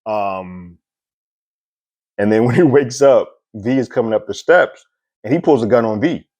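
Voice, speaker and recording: A man giving a casual, animated recap and review of a TV episode, chuckling often. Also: mid-range voice, no echo. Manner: animated, chuckles often, slips into quick impressions.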